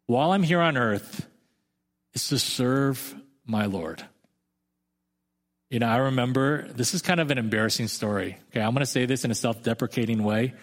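A man in his thirties preaching a sermon as a pastor, talking in a conversational, self-deprecating storytelling way. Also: mid-range voice. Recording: long hall reverb.

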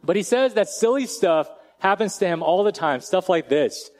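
Male pastor, conversational sermon, slightly higher voice, relaxed and direct, quiet slow emphasis on key lines.

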